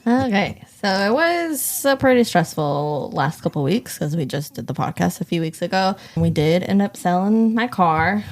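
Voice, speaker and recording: A woman co-hosting a podcast, chatting candidly and a bit rambly. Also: deep voice. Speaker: podcast co-host. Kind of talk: casual chat.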